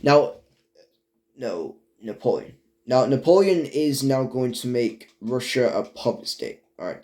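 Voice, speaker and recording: Halting man narrating a game. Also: medium pitch, darkish tone. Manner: halting, many fillers and restarts; stumbles over words. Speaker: video narrator. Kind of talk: casual game commentary.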